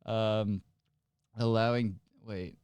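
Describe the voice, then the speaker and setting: A young man in casual podcast chat who cracks jokes and giggles while reading items off a screen. His voice is smooth and clear, at a middle pitch, and it is recorded dry and close. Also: steady tone, very slow, a little mellow, no room sound. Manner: joking, giggly, reads things off the screen. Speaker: podcast co-host.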